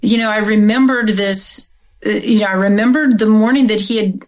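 A middle-aged woman from Oregon, a guest telling a personal story in an interview, animated and acting out the dialogue she quotes. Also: mid-range voice, normal speed, low-quality recording.

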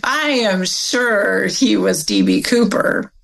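A blunt, scornful older mother who brushes off every question, as her daughter puts on her voice. The voice sits a bit higher than the speaker's own and stays curt. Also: animated, moderate pace. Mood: dismissive.

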